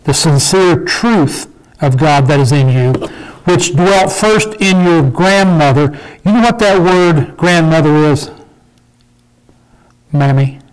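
A man's voice: fairly high pitch, takes it slowly, clear, resonant tone, rough recording. An older man teaching an informal Bible study in a folksy way, often checking in with his listeners. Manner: folksy, asks the group "okay?" and "did we?".

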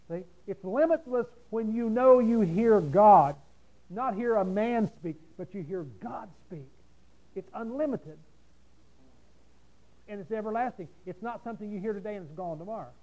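A man preaching a sermon, folksy and rhetorical, swinging from loud emphasis to quiet asides. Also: high-pitched, rough recording.

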